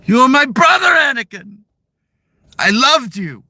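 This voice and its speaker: A man playing a heartbroken young Jedi knight, shouting in a strained voice pitched far above his own. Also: big pitch swings, measured pace, dry recording, exaggerated voice. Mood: anguished.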